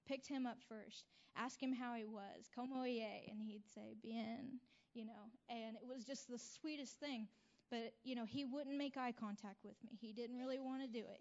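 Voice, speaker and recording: A young woman with a fairly high voice shares an emotional personal testimony before a group. She talks in a chatty way, full of "like" and "you know", and her voice swells with feeling. The recording sounds dull and lo-fi. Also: a little mellow. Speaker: returned mission intern sharing testimony.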